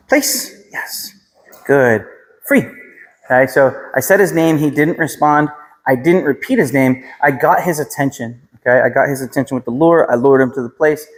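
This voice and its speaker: Calm American dog trainer in echoey room. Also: male voice, mid-range voice. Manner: calm, instructive, repeats short commands to the dog. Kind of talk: training demonstration explained to dog owners. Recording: reverberant room, faint background noise. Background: dog barking and clicks.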